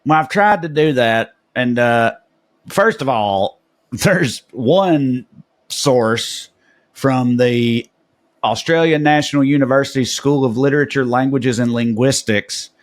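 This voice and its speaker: A man's voice: medium pitch, takes it slowly. A man with a Southern US accent co-hosting a podcast, chatting in a loose, profane, joking way. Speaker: podcast co-host. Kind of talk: casual comedic chat.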